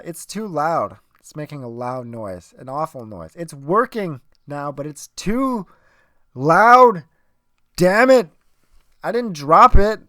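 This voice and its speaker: A man's voice: a little high, pushed and bright, dry recording. Profane rambling young man, dry sound. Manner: profane, rambling, self-arguing. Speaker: podcast host. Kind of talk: solo rambling podcast monologue.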